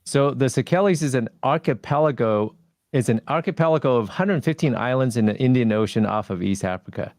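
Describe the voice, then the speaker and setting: A man's voice: medium pitch, a little fast, darkish tone, no echo, clean studio sound. A man on a casual panel chat who talks in an easygoing way and sometimes restarts his words.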